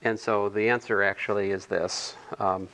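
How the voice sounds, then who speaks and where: A man's voice: fairly low pitch, little pitch movement, moderate pace, sharp tone. A man tutoring physics homework in a casual, thinking-aloud way, correcting himself and adding chatty asides.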